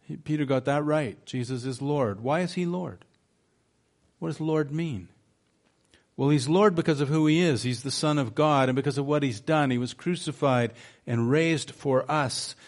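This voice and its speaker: A man's voice: on the high side, normal speed. A man preaching an earnest sermon, asking his listeners rhetorical questions. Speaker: pastor.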